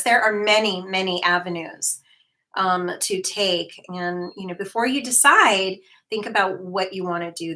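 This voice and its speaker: A woman hosting a casual livestream talks slowly, with many pauses and fillers. Her voice is bright and clear and keeps a relaxed, chatty flow. She talks straight to her viewers and reads their comments aloud. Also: on the low side. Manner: chatty, with frequent fillers and restarts. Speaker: host, hypnotherapist.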